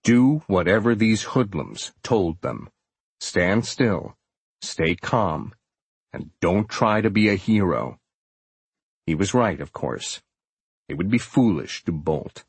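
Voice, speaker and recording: A man narrating a thriller audiobook in a steady, dramatic storytelling manner. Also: low-pitched, slow pace, breathy edge, no echo.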